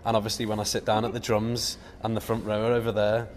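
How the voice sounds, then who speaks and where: A man's voice: on the low side, monotone, fast, big-room sound, a little hiss or hum. A young English man, a band's drummer, telling jokey rambling stories in a casual interview. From England. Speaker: band drummer. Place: backstage at a music venue.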